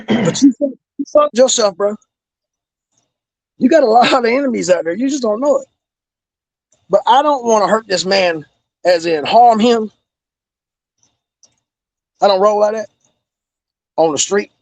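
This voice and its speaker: Ex wrestler guy cussing out a rival, raspy high voice, dry close mic. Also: a little slow, long pauses, a little mellow, no room sound. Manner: menacing, profane, repeats "bro". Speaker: former pro wrestler, guest. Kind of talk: heated profane promo-style rant.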